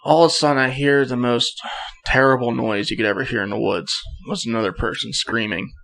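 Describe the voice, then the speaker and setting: A young man, a guest on a podcast, tells a story casually and with energy. His voice sits at an ordinary middle pitch, and he acts out the voices of the people in his story. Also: brisk, gravelly. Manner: animated, acts out quoted voices.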